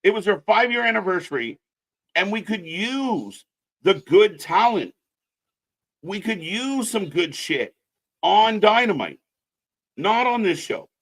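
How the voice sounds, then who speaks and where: A man's voice: fairly high pitch, a bit bright. A man co-hosting a live wrestling commentary stream, talking casually and bluntly, swearing and ranting with strong opinions.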